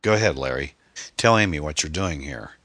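A man voicing an angry, rough middle-aged man who talks harshly and scornfully. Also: a bass voice, expressive, fairly quick, pushed and bright, no room sound, full character voice. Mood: stern.

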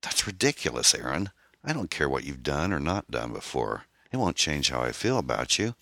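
A man's voice: a bass voice, sing-song, normal speed, creaky, bright, forceful tone, no room sound, clean studio sound, exaggerated voice. A man voicing a caring young man who speaks in an earnest, reassuring way.

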